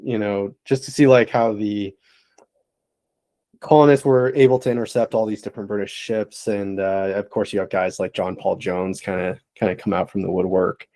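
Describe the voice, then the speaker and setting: A man on a podcast panel making his points in a measured, thoughtful way. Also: fairly low pitch, fairly even intonation, warm tone. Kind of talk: casual discussion.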